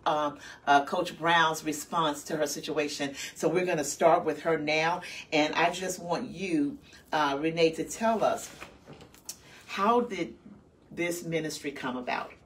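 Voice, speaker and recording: A woman's voice: lowish voice, a little hiss or hum. A woman minister and host preaching a message, retelling a Bible story emphatically and acting out the voices she quotes. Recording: distant mic.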